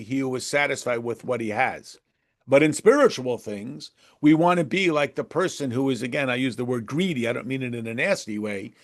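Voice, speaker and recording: A man teaching a Torah class in a casual, digressive way, slipping Hebrew terms in and translating them, and acting out little dialogues. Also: a little high. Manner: chatty and digressive, with frequent restarts and asides; lively, acts out little dialogues. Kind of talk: conversational lesson.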